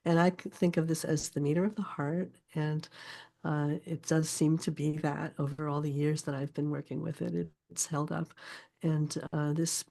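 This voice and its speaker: This older woman, a poet and teacher, has a low-pitched, gravelly yet warm voice and keeps a level tone. Explaining her subject in a casual interview, she stays thoughtful and often stops to find her words.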